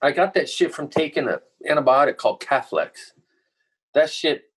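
Husky, profane middle-aged man telling stories. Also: on the high side, moderate pace, rough recording. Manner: profane, animated storyteller acting out quotes. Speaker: guest musician. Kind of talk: casual interview storytelling.

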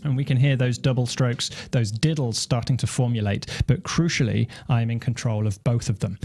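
A man's voice: medium pitch, dark tone. A man teaching snare drum technique, explaining step by step and counting beats aloud. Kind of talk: instructional demonstration. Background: snare drum playing.

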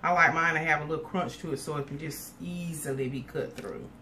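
A woman's voice: low-pitched, brisk, background noise. Chatty woman cooking at home. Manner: chatty, folksy, addresses viewers as y'all. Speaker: cooking vlogger. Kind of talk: casual cooking and eating vlog.

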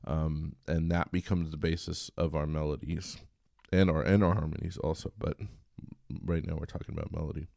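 A man giving a recorded college music lecture in a relaxed, chatty way, singing short examples. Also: very deep voice, normal speed, creaky, no room sound, clean studio sound.

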